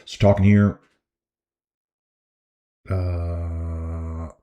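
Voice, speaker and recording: Deep-voiced man ranting on a live stream. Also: little pitch movement, drawn-out words, lo-fi sound. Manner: chatty, ranting, addresses viewers as dudes. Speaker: live race commentator and channel host. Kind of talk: casual live-stream commentary.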